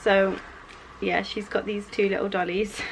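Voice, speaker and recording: A woman's voice: medium pitch, little pitch movement, measured pace, vocal fry, slight background noise, rough recording. A young woman vlogging casually at home and in the garden, chatty and upbeat, laughing often as she talks to the camera. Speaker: vlogger and mother. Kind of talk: casual home vlog chat.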